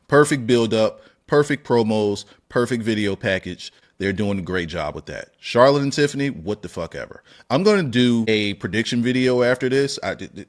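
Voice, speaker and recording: A man hosting a wrestling opinion channel, ranting in an animated, profane way, firing off rhetorical questions and sudden high-pitched exclamations. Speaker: wrestling commentary channel host. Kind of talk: opinionated solo rant.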